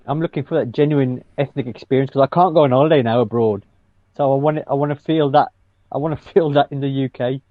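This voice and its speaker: A man's voice: mid-range voice, no room sound. Joking man, dull dry mic. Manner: joking, halting restarts. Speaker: podcast co-host. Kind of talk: casual banter.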